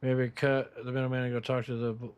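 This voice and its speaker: A man streaming a game, talking bluntly and reacting loudly to what happens on screen. His voice sits in the middle range. A steady background hiss runs under the recording. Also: medium pitch, quick pace. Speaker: gaming streamer. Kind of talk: let's play commentary.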